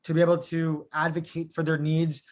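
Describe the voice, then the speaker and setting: A man hosting a live interview show, with his voice pitched a little high. He speaks emphatically and often underlines his own views. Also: completely flat delivery, moderate pace. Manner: emphatic, shares strong opinions. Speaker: host of a live talk show. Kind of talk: conversational interview.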